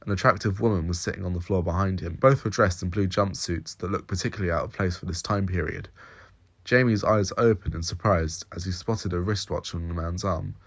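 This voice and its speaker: Very deep-voiced male story reader. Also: brisk. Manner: steady, descriptive storytelling. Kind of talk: audio story narration.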